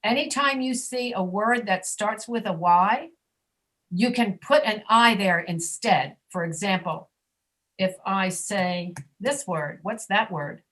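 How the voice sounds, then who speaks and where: A woman teaching an online English pronunciation class, patiently demonstrating sounds slowly and repeating them. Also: mid-range voice, fairly bright tone. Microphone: video call.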